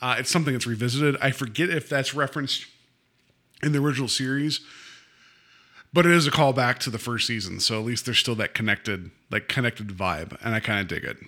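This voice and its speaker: A man's voice: medium pitch, fairly quick, sharp tone. A man co-hosting a podcast, eagerly sharing theories about a TV episode and quizzing his co-host. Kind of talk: casual chat discussing a TV episode.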